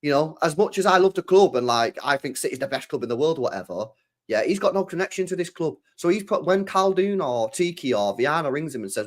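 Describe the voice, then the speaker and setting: A man from England, talking football on a podcast in a casual, animated way that is full of swearing. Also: on the high side, fairly quick. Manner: animated, swears a lot, acts out quoted voices. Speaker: podcast co-host.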